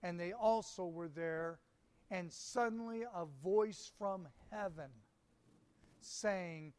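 A man delivering a sermon in a high voice. He takes his time, pausing for emphasis as he reads scripture and explains it to the congregation. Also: a little mellow, smooth. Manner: slow, deliberate preaching with emphatic pauses. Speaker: preacher.

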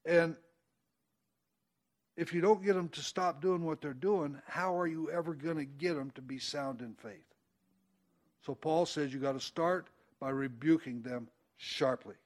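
Preacher, male, high-pitched, casual Bible-study delivery, leans into quoted verses. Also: measured pace. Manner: conversational, folksy, rising emphasis on quoted verses. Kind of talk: informal Bible teaching.

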